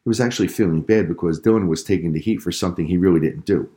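A man narrates a children's story in a calm, measured voice. His pitch sits very low.

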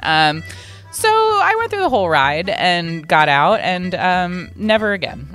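Woman, 20s, podcast co-host; low pitch, very lively delivery, casual and profane, faint music behind. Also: normal speed. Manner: animated storyteller, swears freely. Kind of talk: casual chat.

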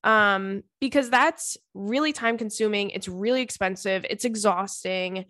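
A woman's voice: medium pitch, measured pace, sharp tone, no room sound. Female podcast host, casual advice chat, candid and loose with swearing, dry close sound. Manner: candid, swears freely, chatty with fillers.

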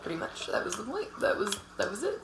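A woman's voice: mid-range voice, very animated, fast talker, gravelly. A woman co-hosting a podcast in casual chat, who laughs often and breaks into song. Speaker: podcast co-host. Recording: echoey room with background noise.

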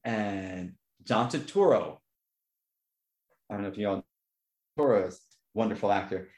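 Animated man in an echoey room. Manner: animated storyteller, voice jumps high for quoted reactions. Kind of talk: casual chat.

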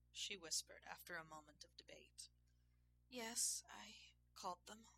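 Woman narrator, erotic story, slow hushed reading, gravelly, bright edge. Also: lowish voice, a little hiss or hum.

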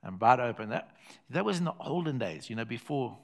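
A man's voice: medium pitch, very animated, fast talker. An older man with a South African accent, preaching a sermon built around a personal story and repeating phrases for effect.

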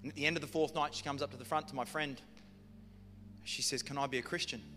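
A man's voice: medium pitch, fairly even intonation, fast, bright, forceful tone. A man preaching a sermon, telling a story in a humorous, conversational way. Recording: long hall reverb with music behind.

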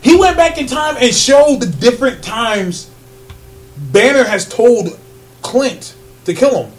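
High-voiced excitable man chatting. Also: slow, soft background music. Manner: animated, laughs often, many ums; rises loud and high when excited. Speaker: podcast co-host. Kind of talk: casual chat.

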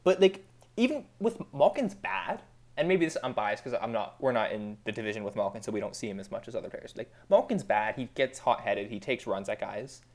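Man, podcast co-host, sarcastic ranting, filler-heavy, mid-pitched voice. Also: animated, fairly quick. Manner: ranting, sarcastic fan, lots of "like". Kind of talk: casual sports podcast chat.

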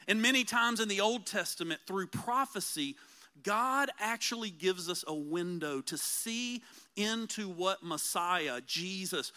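A man preaching a conversational sermon as pastor, earnest and emphatic, slowing down to repeat key phrases. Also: sits high, bright, forceful tone.

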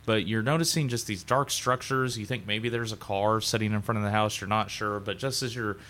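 A man's voice: fairly low pitch, fairly even intonation, fairly quick, fairly bright tone. A young man narrating a tabletop game as game master, in a casual, rambling way with fillers.

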